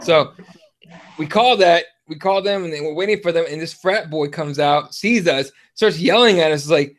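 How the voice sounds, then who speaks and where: A man in his thirties hosts a podcast, his voice fairly high and his pace moderate. In casual chat he tells a rambling, profane story packed with fillers.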